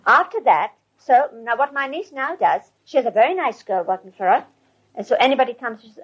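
Husky older woman telling a story. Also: on the high side, animated, brisk. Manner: rambling, conversational, with restarts. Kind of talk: casual anecdotal storytelling. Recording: dull lo-fi recording.

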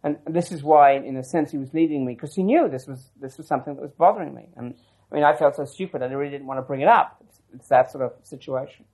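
A man's voice: fairly high pitch, fast talker, a little mellow, rough recording. A man telling a long personal story as an interviewee, reflective and rambling, with frequent restarts and asides. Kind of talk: oral history storytelling.

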